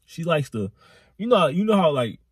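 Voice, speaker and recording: Animated young man telling a wild story. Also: fairly high pitch, moderate pace, breathy edge, dry recording, studio quality. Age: young adult. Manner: animated, rambling, repetitive slang. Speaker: vlogger. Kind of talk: storytime vlog.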